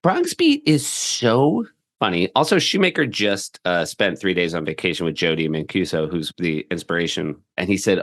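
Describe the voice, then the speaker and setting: A man's voice: low-pitched, big pitch swings, normal speed. A man in his fifties hosting a podcast, reminiscing and chuckling through casual chat. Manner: warm-hearted, reminiscing, chuckling. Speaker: podcast host. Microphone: studio mic.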